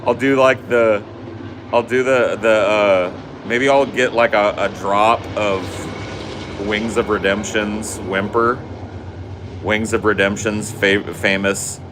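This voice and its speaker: A man's voice: fairly low pitch, fairly even intonation, takes it slowly, noisy background. A man co-hosting a podcast in casual chat, crude and joking with frequent swearing. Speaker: podcast co-host.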